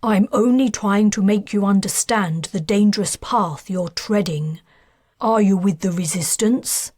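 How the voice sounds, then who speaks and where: A woman voicing a smooth, scheming man of high society who bargains in clipped lines, in an audiobook. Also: measured pace, a little mellow, no echo, studio quality. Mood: guarded.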